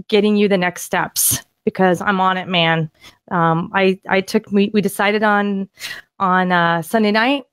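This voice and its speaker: A woman co-host talks through land deals she is sharing on screen, her voice eager and full of restarts. Her pitch sits in an ordinary middle range, and the sound is close and dry, with no room around it. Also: smooth, no echo. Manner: excited, rambling with frequent restarts. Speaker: podcast co-host and land investor. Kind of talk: casual screen-share deal walkthrough.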